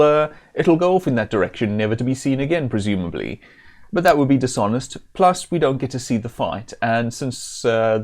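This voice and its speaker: A man casually talking through a video game on a stream, chatty and self-deprecating. His voice sits in a middle range, and he often pauses to clear his throat. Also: medium pitch, darkish tone. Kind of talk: casual game commentary and reading.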